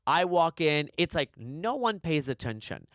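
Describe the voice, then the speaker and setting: Man, podcast co-host, exasperated rant, lively swooping voice, dry close sound. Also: on the high side, measured pace, no echo. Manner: animated, exasperated, swearing. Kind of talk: casual rant. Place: New York City.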